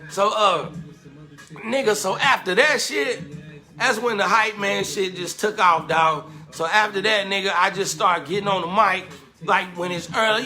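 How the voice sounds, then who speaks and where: A man casually telling a lively, slangy story about his club days and acting out the quotes. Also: sits high, a little slow, faint music behind. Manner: animated, slangy, acts out quotes with laughter.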